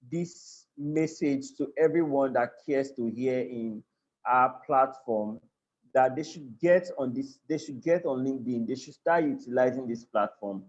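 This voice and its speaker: This is a muffled video-call recording of a Nigerian man teaching an online class live, his voice mid-range and a little mellow. Earnest in tone, he tends to repeat himself and start phrases over, pausing to check in with listeners.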